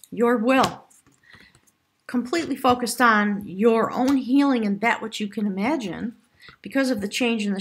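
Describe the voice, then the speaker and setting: Breathy-voiced woman giving a tarot reading. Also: medium pitch. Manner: effusive, heartfelt, meandering with fillers. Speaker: tarot reader. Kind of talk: spiritual tarot reading to camera.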